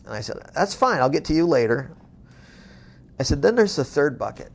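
A man from the moving business tells motivational stories straight, with no sugarcoating and a few swear words. His voice is gravelly and a little husky. His pitch swings widely as he slips into the people he quotes. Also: very animated, fast talker. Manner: blunt, tough-love, swears freely; acts out quoted conversations. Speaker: moving company executive. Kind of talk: motivational storytelling.

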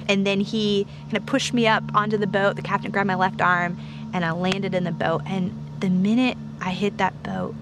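A woman earnestly retelling a personal ordeal as a guest, speaking with faith and frequent pauses. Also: mid-range voice, creaky. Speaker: guest storyteller. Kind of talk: personal testimony. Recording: noisy recording.

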